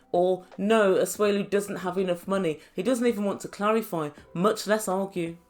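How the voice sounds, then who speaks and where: A woman reviewing a reality show, chatty and wry with sarcastic asides. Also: medium pitch. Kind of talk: casual recap commentary.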